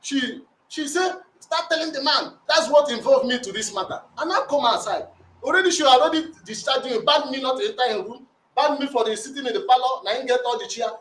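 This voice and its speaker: Nigerian man with a very high voice pleading his side of a family quarrel, rambling and repetitive; distant mic in a roomy space with faint noise. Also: a little fast. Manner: rambling, repetitive, animated storytelling. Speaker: complainant. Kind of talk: recounting a domestic dispute.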